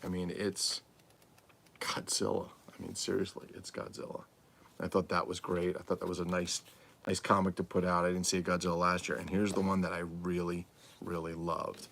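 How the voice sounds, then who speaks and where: A man's voice: deep voice, completely flat delivery, moderate pace, gravelly, a bit bright, a little hiss or hum. A man hosting a live collectibles show, chatting in a rambling, enthusiastic show-and-tell way.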